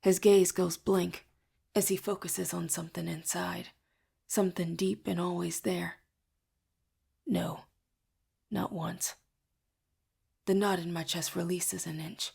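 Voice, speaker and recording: A woman reading a first-person novel aloud in a soft, hushed way, often near a whisper. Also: fairly low pitch, flat delivery, moderate pace, creaky, husky. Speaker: audiobook reader. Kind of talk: first-person audiobook narration.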